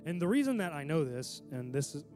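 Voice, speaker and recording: A man's voice: on the high side, big pitch swings, a little fast, music in the background. A man preaching a sermon in a casual, conversational way, often checking in with his listeners.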